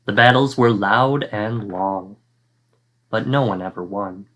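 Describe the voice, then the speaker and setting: A male fourth-grade teacher reading a children's picture book aloud, with expressive storytelling and acted-out sound effects. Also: on the low side, slow pace, dull audio.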